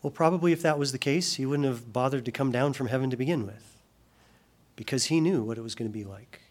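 A man preaching a sermon, acting out quoted voices with sudden loud rises and dropping soft and slow on solemn points. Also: mid-range voice. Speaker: pastor.

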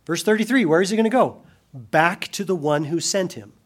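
A man preaching a sermon, acting out quoted voices with sudden loud rises and dropping soft and slow on solemn points. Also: sits high, lively intonation. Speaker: pastor.

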